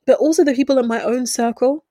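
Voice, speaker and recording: A woman's voice: high-pitched, quick pace, mellow, dry recording. Reflective woman in a dry close recording. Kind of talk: casual discussion.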